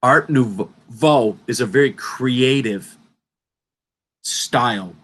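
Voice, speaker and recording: A man's voice: medium pitch, takes it slowly, a bit bright. A man presenting an informal lecture, talking in an emphatic, rambling way and interrupting himself often.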